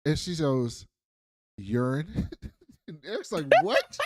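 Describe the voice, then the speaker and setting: With a fairly high voice and a slow delivery, he co-hosts a relaxed podcast recapping TV episodes, animatedly narrating scenes and playing out the characters' lines. The sound is dry and clean, like a studio.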